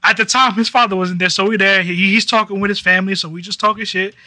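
A man's voice: sits high, fast talker, dry recording. A man on a podcast telling a party story casually, acting out voices with lots of slang. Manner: animated, acts out friends' voices, heavy slang. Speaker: podcast co-host.

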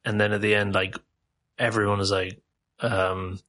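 A man from South Africa and England, a podcast guest in casual chat, telling lively stories, swearing freely and laughing often. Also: lowish voice, normal speed.

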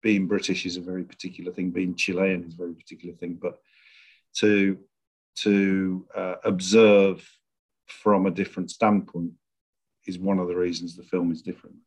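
A low, darkish voice with a breathy edge and little pitch movement belongs to a middle-aged screenwriter. Interviewed conversationally, he's reflective and measured, feeling his way toward words.

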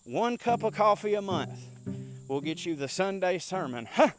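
A man, hosting a casual podcast rant while walking outdoors, animated, profane and rambling. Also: high voice, moderate pace, music in the background. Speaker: podcast host.

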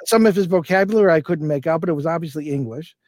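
An older man talks through a strange experience, circling back with fillers and restarts as he goes. His voice sits a little high. The sound is dry and close. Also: fast, a little mellow, no echo. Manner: rambling, many fillers and restarts. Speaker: paranormal investigator guest. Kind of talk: storytelling in an interview.

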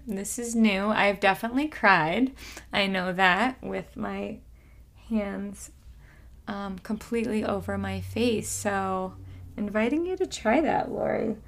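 A woman co-hosting a podcast over a video call, gently guiding vocal play exercises in a soft, soothing way. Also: mid-range voice, takes it slowly, vocal fry. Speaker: co-host leading vocal play.

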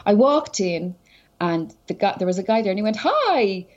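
An Irish woman with a mid-pitched voice chats as a podcast guest, spilling one anecdote after another with plenty of "like" and "you know". Her talk is lively and informal. The audio sounds a little dull and lo-fi. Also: fairly quick. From Ireland. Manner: chatty and animated, telling anecdotes with lots of "like" and "you know". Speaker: guest, social media entrepreneur. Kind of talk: casual conversational storytelling.

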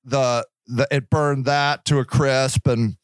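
A man's voice: mid-range voice, steady tone, takes it slowly, clean tone, no echo. A man hosting a podcast, telling a story in a rambling, casual monologue, swearing freely and stumbling over repeated words. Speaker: podcast host.

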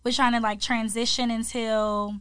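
A woman in her twenties co-hosting a podcast, telling stories in relaxed casual chat and filling her sentences with "like.". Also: on the high side, moderate pace, clear, resonant tone, no echo, studio quality. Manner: chatty storyteller, leans on "like" as filler. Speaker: podcast co-host.

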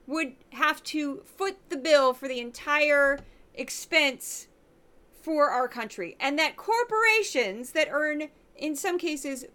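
A middle-aged woman from St. Louis hosts a news commentary podcast. Her voice sits a little high and rings bright. She talks in a sarcastic, animated way, mocking what she has just played. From Midwest, St. Louis. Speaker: podcast host. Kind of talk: opinionated commentary on news clips.

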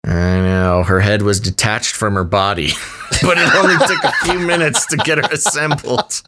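A man's voice: fairly low pitch, normal speed, noisy background. Male podcast co-host, wry and joking, reading a story with asides. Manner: wry, joking, laughs often while reading. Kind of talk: casual podcast chat, reading a news story aloud.

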